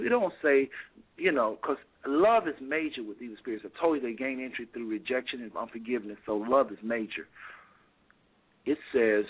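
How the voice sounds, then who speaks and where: A man's voice: mid-range voice, animated, normal speed, breathy edge. A man hosting a call-in talk show and preaching, repeating phrases for emphasis. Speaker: radio show host. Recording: tinny phone-line audio.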